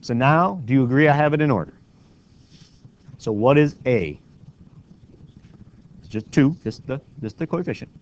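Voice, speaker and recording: Male classroom math teacher, mid-pitched, step-by-step, keeps checking in with students; dull lo-fi recording. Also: animated, moderate pace, long pauses. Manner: walks students through steps with frequent questioning "right?". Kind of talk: classroom lecture.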